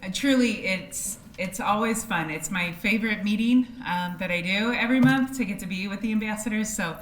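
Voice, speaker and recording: A woman accepts an award at a podium and speaks haltingly, with many fillers. She laughs through tears as she thanks people. The echoey hall carries a faint background noise. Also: mid-range voice. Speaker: award winner, chamber ambassador. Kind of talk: emotional acceptance speech. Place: banquet hall.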